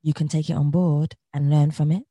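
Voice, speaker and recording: A woman's voice: deep voice, little pitch movement, brisk, dark tone, slightly rough, dry recording. A woman being interviewed, talking about her outlook in an earnest, motivational way and repeating her key phrases. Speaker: interview guest. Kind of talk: reflective interview talk.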